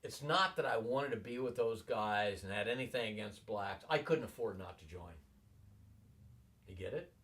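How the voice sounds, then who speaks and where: A man's voice: lowish voice, normal speed, distant mic. A man in his sixties telling long personal stories in a rambling way, acting out the voices of people he quotes. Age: 60s. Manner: animated, acts out quoted voices. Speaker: interviewee.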